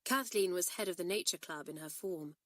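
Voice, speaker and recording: A woman narrating an audiobook with expressive storytelling. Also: on the low side, fairly quick, no room sound, clean studio sound.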